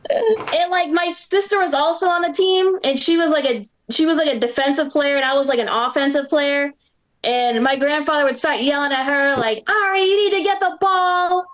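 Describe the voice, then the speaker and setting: A woman's voice: high voice, fairly even intonation, normal speed. A young woman from the Boston area telling a rambling stand-up story, full of "like" and little laughs. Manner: rambling, filler-heavy storytelling with lots of "like" and laughs. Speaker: stand-up comedian. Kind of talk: stand-up set. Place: small live comedy venue with audience.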